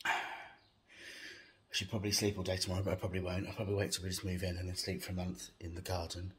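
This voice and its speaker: A man's voice: low-pitched, completely flat delivery, quick pace, fairly bright tone, a little hiss or hum. A man vlogging on a handheld phone around his house and garden, chatty and giggly, out of breath and tired. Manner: chatty, giggly, self-mocking about being shattered. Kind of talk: casual home vlog.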